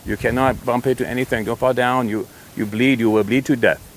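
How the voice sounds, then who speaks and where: A man's voice: medium pitch, fairly even intonation, brisk, slight background noise, natural voice. A man voicing a blunt foreign male doctor who gives stern warnings in clipped, broken English and repeats himself. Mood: urgent.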